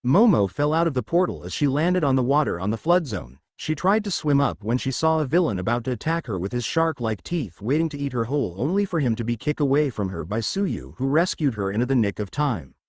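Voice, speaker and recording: A man reading a fan story aloud in an animated storytelling manner on a close mic. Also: mid-range voice, a little fast, few pauses, dry recording. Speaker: fanfic narrator.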